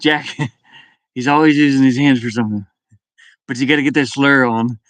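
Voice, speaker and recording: Young male streamer, chatty and giggly, close dry sound, middle pitch, casual van livestream. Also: fairly even intonation, normal speed, fairly bright tone, dry recording. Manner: rambling, laughs often, restarts words. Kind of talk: casual live-stream chat. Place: inside a van.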